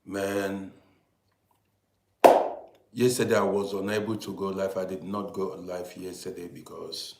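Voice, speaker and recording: A man's voice: deep voice, flat delivery, gravelly, reverberant, heavy background noise. Chatty older man hosting a live stream. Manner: chatty, greets viewers, pauses and restarts. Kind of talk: casual live-stream chat.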